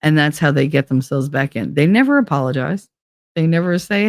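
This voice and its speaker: A sarcastic, outspoken woman talks through viewer comments as a podcast host, swearing freely and slipping into mocking impressions of others. Her voice sits in a middle pitch, and it is recorded close and dry with almost no room sound. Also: normal speed, darkish tone, no echo. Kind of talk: casual monologue reading viewer comments.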